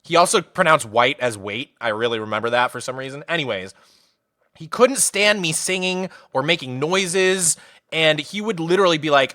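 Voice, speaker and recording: Streamer dude rambling about stuff, bright voice, bouncy pitch, music faint behind. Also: male voice, brisk, no room sound, clean studio sound. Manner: rambling, animated storytelling, says "dude" and "man" a lot. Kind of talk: casual chat with viewers.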